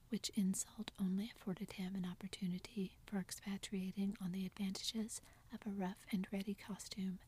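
A woman narrating a classic novel entirely in a soft whisper, as whispered role-play. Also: mid-range voice, slight background noise. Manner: soft unvoiced whisper throughout.

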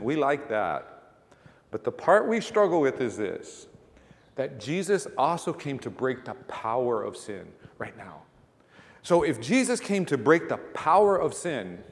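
A man's voice: medium pitch, big-room sound. A male pastor giving a conversational sermon, asking rhetorical questions and pressing his points with emphasis.

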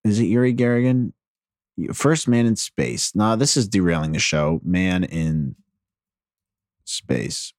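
A man's voice: low-pitched, slow, darkish tone, dry recording, clean studio sound. A man from New Jersey rambling through a casual monologue, profane, sarcastic and self-deprecating.

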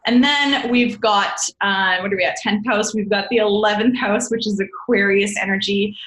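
A woman's voice: mid-range voice, steady tone, normal speed, fairly bright tone, roomy sound, rough recording. A woman explaining astrology in a casual, rambling way, often correcting herself as a podcast guest. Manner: rambling, self-correcting, chatty, calls listener babes.

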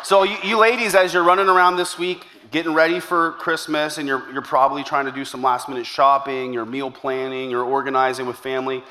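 A man's voice: medium pitch, bright, forceful tone. A man preaching a sermon to a church congregation, conversational and upbeat, with jokes along the way. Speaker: pastor. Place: church service before a congregation.

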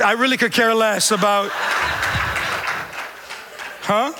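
A male pastor in midlife delivers a sermon to his church, his voice pitched unusually high. He preaches in an animated, joking way and drops in bits of street slang. His tone stays bright and forceful. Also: slow pace, long pauses, big-room sound, some chatter behind.

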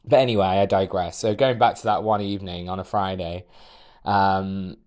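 Man, young adult, podcast guest, fairly low voice, reflective, measured storytelling, small restarts. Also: steady tone, a little mellow. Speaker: podcast guest, architectural designer. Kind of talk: personal storytelling.

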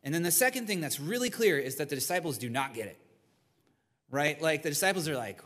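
A man's voice: on the high side, animated, fairly quick, a bit bright. A man preaching a sermon as pastor in a church, talking to the congregation in a conversational way with asides. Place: church sanctuary. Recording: long reverb of a large hall.

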